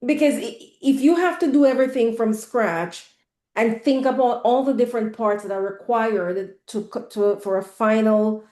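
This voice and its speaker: A woman's voice: a little high, normal speed, mellow. A woman hosting an interview, probing her guest and rephrasing her questions as she goes. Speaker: interviewer host. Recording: echoey room.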